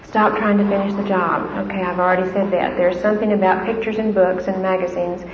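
A woman's voice: medium pitch, little pitch movement, brisk. A middle-aged woman giving a conversational talk on Christian parenting to a live audience, with fillers and restarts. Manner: conversational, warm-hearted, frequent fillers and restarts. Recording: echoey hall, dull lo-fi sound with faint noise.

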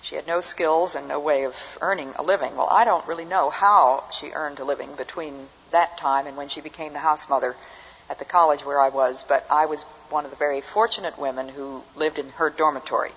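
Older woman speaker, husky voice, dry humor, muffled recording, long hall reverb. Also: low voice, fairly even intonation, a little fast, fairly bright tone. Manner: dry, humorous anecdotal delivery. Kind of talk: storytelling talk to an audience.

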